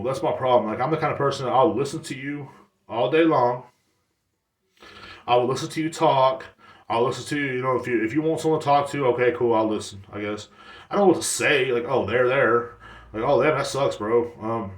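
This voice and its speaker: A man's voice: on the high side, echoey room, recorded from a distance. A man hosting a podcast alone, rambling casually with blunt profanity and slang. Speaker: podcast host. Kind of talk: casual solo rant.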